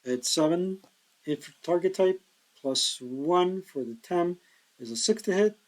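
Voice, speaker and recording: A tired man thinking aloud in a slow mutter as he plays a board wargame solo, counting hexes and working out dice rolls. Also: sits high, darkish tone, rough recording. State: tired, yawning.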